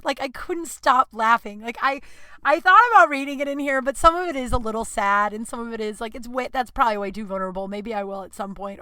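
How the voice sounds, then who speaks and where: A woman's voice: a little high, sharp tone, dry recording. A woman in her thirties hosting a podcast, telling a personal story in a candid, chatty way, swearing freely and acting out the dialogue. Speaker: podcast host. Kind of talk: casual storytelling monologue.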